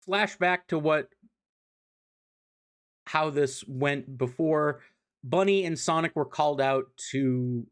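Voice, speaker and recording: A man's voice: medium pitch, fairly bright tone, smooth. Casual, profane male streamer recapping comics. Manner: loose and profane, lots of "um" and "like"; enthusiastic fan opinions.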